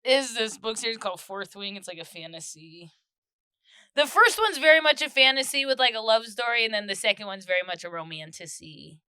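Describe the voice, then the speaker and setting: Bright, crisp-voiced chatty young woman. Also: a little high, animated, brisk, dry recording. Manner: chatty, laughs often, teasing. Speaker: podcast co-host. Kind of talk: casual sibling chat.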